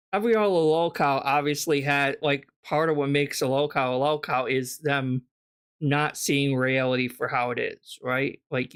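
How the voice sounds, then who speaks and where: A streamer comments on clips in a sarcastic, mocking tone. The voice is mid-pitched, and the commentary swears freely. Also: clear, resonant tone.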